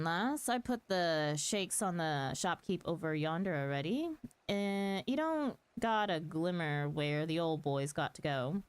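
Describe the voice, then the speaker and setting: A woman voicing a rough, scheming male pirate sailor with a put-on pirate accent, reading game dialogue aloud in a slangy drawl. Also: lowish voice, dry recording, close to an everyday voice, rough recording.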